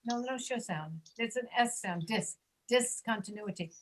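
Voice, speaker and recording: A woman's voice: on the high side, poor audio. Patient woman drilling pronunciation. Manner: patient, repeats words slowly for drilling. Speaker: ESL pronunciation teacher. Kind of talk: online class instruction. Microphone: video call.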